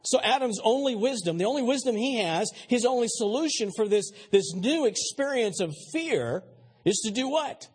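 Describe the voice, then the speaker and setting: This is a man's sermon, a pastor with a high, husky voice whose pitch rises and falls widely. Animated and emphatic, he moves at a moderate pace, often turning to question his congregation and stumbling on repeated words.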